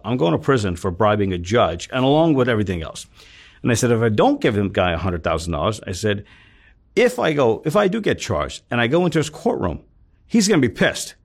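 Male interview guest, raspy low voice; intense storyteller who voices the other people in his tale. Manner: retells scenes with quoted dialogue, swears freely; intense, emphatic when upset.

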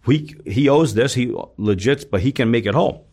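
A man's voice: medium pitch, moderate pace, a little mellow. A man telling his story as a guest in an interview, acting out what others said and swearing freely, getting emphatic when worked up. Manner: retells scenes with quoted dialogue, swears freely; intense, emphatic when upset.

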